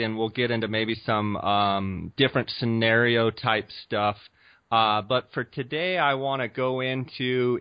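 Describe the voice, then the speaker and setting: A man from Arizona hosts a podcast, friendly and enthusiastic, pausing on uhs. His voice is smooth and dry. The sound is slightly dull. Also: medium pitch, no echo. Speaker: podcast host. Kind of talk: podcast interview.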